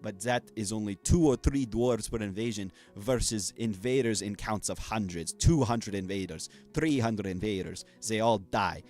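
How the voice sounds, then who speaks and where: A man's voice: fairly low pitch, moderate pace, few pauses, a little mellow, faint music behind, close to an everyday voice. A man putting on a mock-Russian dwarf dictator. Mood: boastful. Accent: put-on Russian. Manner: drops articles, boastful and menacing. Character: blustering fascist male dwarven dictator. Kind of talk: in-character game commentary.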